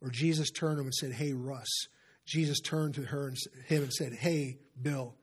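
A visiting preacher delivers a sermon in an earnest manner, his voice on the high side and steady in tone. He often clears his throat, and to stress a point he slows down and softens his voice.

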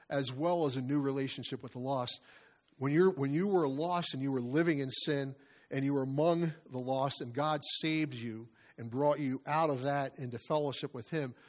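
A male pastor preaching a conversational sermon, full of asides and restarts as he reads from scripture and his notes. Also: medium pitch.

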